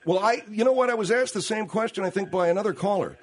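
A man's voice: sits high, quick pace. A man hosting a talk radio show, exasperated and protesting with his callers.

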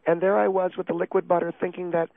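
A man voicing a distraught, prim middle-aged wife calling in to a radio show, confessing in a halting, breathless, self-pitying way. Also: high-pitched, flat delivery, creaky, no echo, voice pushed up. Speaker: caller. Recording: tinny phone line.

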